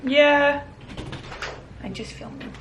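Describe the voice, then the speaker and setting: A woman's voice: mid-range voice, animated, moderate pace, creaky, noisy background. A woman chatting through a makeup tutorial in her bedroom, bubbly and chatty, calling everything little. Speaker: makeup vlogger. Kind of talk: casual tutorial chat.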